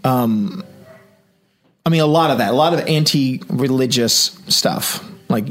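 A man's voice: fairly high pitch, animated, slow pace. A man hosting a podcast, telling a story in casual chat and acting out the quoted emails and replies. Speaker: podcast host.

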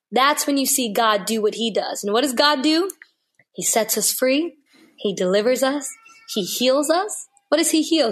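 A woman with a fairly high voice speaks as a guest on a faith interview. She talks earnestly and with heart, and she stacks repeated phrases for emphasis as she shares her testimony.

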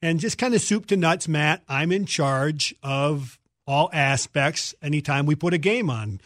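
A man's voice: fairly high pitch, unhurried, fairly bright tone, dry recording, studio quality. A middle-aged man, a TV sports producer, chatting as a radio guest and telling stories with enthusiasm. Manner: enthusiastic, storytelling. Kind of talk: casual interview chat.

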